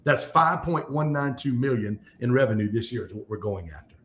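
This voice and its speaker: Man, podcast guest, lively swooping delivery, motivational, roomy echo. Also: medium pitch, a little hiss or hum. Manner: animated, fast-talking, motivational. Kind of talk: casual podcast conversation. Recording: echoey room.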